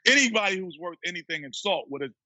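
A man with a fairly high, bright, forceful voice tells an anecdote and acts out every quote. He laughs often as he talks. The sound is dry and a little dull, as if from a lo-fi line. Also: expressive, quick pace, no room sound. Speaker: guest, former basketball player and TV analyst. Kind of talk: casual storytelling chat.

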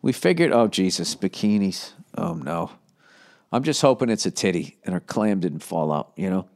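A man's voice: sits low, expressive, moderate pace, a little mellow. A man hosting a podcast, reading listener letters and giving blunt, profane, rambling advice with mock exasperation. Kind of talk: casual profane advice rant.

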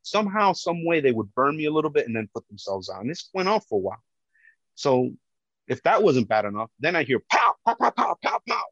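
Big loud-voiced cop telling what happened to him, lo-fi and dry. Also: male voice, medium pitch, big pitch swings, brisk, dry recording. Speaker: police officer telling his story. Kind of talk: personal testimony. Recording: dull, dry lo-fi recording.

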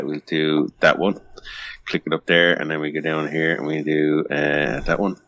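A man's voice: a bass voice, vocal fry, fairly bright tone. A man co-hosting a podcast in casual chat, joking, swearing and reading news items aloud. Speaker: podcast co-host.

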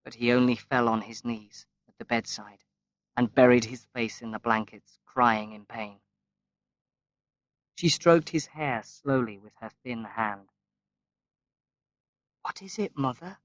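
A man reading a novel aloud as an audiobook narrator, in a slow, measured way. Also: medium pitch, fairly even intonation, fairly bright tone, no room sound. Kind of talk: scripted narration. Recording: dull, lo-fi, dry recording.

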